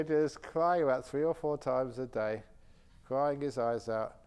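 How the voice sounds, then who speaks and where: Male Buddhist teacher, retreat Q&A, chatty anecdotal delivery, average pitch. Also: a little slow, smooth. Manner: animated anecdotal storytelling with frequent laughter. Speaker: Buddhist monk and meditation teacher. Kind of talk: retreat question-and-answer talk. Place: meditation retreat centre hall.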